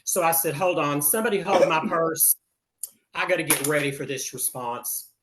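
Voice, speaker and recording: A man's voice: a little high, normal speed, fairly bright tone. Older man, from Texas, stand-up comedian, campy, sassy delivery. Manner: sassy, campy punchlines with air kisses.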